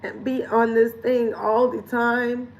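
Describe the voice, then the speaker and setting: A woman's voice: on the high side, level tone, takes it slowly, rough recording. Frank, chatty woman vlogging to viewers. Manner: frank, chatty, talks straight to viewers with casual swearing. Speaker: lifestyle coach and vlogger. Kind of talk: candid direct-to-camera vlog talk.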